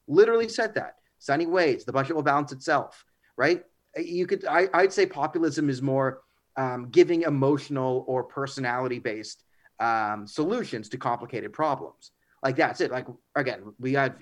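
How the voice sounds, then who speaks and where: A man talking politics as a radio guest, his voice sitting a bit high for a man. He is animated and opinionated, and he slips into mocking imitations as he argues his points. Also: moderate pace. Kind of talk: radio talk-show interview.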